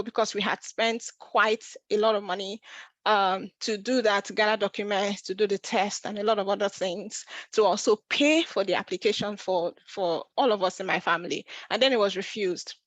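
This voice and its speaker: A woman's voice: medium pitch, a bit bright, dry recording. A woman, telling a personal story in a casual vlog, earnest and emotional, often restarting her sentences. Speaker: vlogger.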